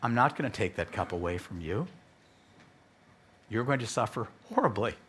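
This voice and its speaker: A male pastor voicing a solemn divine father in a low, grave, measured way. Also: a bit bright. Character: solemn, stern divine father, speaking with authority.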